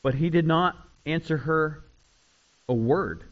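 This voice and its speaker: Man preaching a lively sermon. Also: slow pace, lo-fi sound. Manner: animated preaching, rising loud on acted cries, dropping low and quiet for asides. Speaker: pastor.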